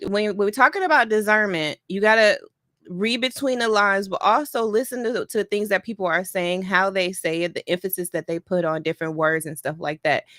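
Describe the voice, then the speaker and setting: A woman reacting to a clip for her audience, talking in a chatty way that slips into teaching. Her voice is mid-pitched and recorded dry and close, with no room sound. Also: fairly bright tone, no room sound. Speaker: commentator reacting to clips. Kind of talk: reaction commentary.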